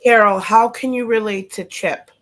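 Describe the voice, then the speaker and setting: A woman's voice: on the high side, steady tone, normal speed, fairly bright tone. A woman co-hosting a live stream of readings, reading out viewer comments in a plain way. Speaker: co-host.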